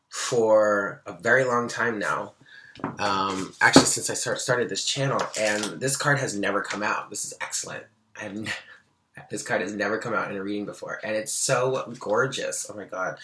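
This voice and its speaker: A man giving a daily tarot card reading, reading card texts aloud and breaking into excited asides. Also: medium pitch. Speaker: tarot reader.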